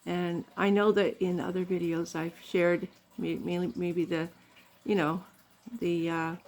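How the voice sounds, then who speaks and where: A woman's voice: fairly low pitch, flat delivery, a little slow, a little mellow. An older woman from Canada telling rambling, funny family stories in a casual vlog, laughing often. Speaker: vlogger.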